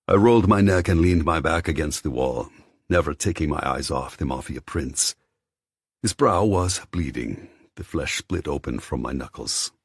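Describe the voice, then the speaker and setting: A man narrates an audiobook in the first person, his voice extremely deep and gravelly. His tone is cool and measured but moves lively in pitch, with a husky grain, recorded dry and close to the mic. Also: no echo.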